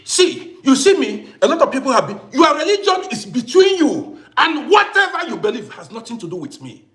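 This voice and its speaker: Male livestream host, middle-aged, high-pitched and expressive, hammering points home through repetition. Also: moderate pace. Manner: emphatic, repeats phrases for effect. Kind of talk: impassioned livestream monologue.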